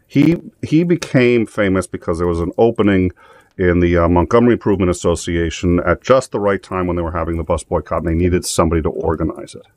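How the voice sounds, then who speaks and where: A man's voice: low voice, darkish tone. A man hosting a casual chat show, telling jokes and stories in a rambling way with many restarts. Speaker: host.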